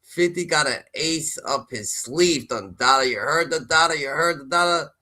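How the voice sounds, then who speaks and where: Man, streamer, slangy reaction commentary, excitable, bright forceful tone. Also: fairly high pitch, normal speed. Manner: slangy, repeats a catchphrase tag constantly; loud, excitable and laughing. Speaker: streamer commenting on rap news.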